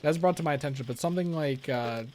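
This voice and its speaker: Young philly guy musing out loud while he plays, lots of likes and ums, voice a bit on the high side. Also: quick pace, slight background noise. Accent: Philadelphia. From Philadelphia, USA. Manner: rambling, musing aloud, many fillers and restarts. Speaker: let's play gamer. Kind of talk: casual gameplay commentary.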